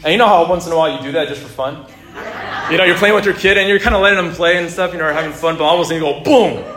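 A man preaching a sermon in a relaxed, conversational way, with jokes and asides to the congregation. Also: fairly high pitch, racing. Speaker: pastor. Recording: echoey room.

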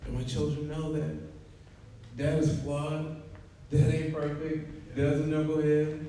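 A man's voice: a little high, monotone, slow, mellow, a little hiss or hum. A man in his forties preaching a conversational, joking sermon in a church, laughing often. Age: 40s. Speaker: preacher and track coach. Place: church sanctuary. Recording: echoey hall, mic at a distance.

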